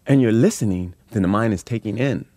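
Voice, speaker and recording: A middle-aged man, a comedian, chatting casually and telling stories in an animated way, often restarting his sentences and swearing freely. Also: lowish voice, fairly quick, no room sound. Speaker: comedian guest. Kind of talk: casual podcast chat.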